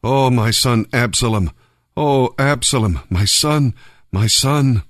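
A man's voice: medium pitch, slow, no echo, studio quality, lightly acted. A man reading the cries of an old king mourning his son, in a sorrowful way. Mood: grieving.

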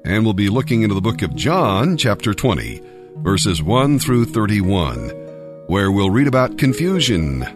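A man reading a Bible passage aloud as scripted narration, in a measured, even way. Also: fairly low pitch, music in the background. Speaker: Bible reader.

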